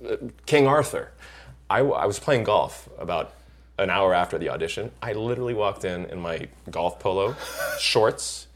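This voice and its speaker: A middle-aged actor in casual chat, telling lively stories and acting out the people he quotes. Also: low voice, normal speed. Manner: animated storyteller acting out quoted voices. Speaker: actor guest.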